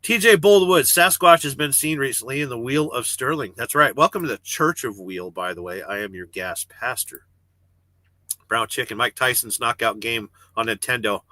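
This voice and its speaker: A man's voice: mid-range voice, normal speed, bright, forceful tone, no room sound. A man who drives a truck hosts a casual livestream from his parked cab, reading viewer comments aloud, rambling, joking and swearing freely. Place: parked truck cab with refrigerated trailer running.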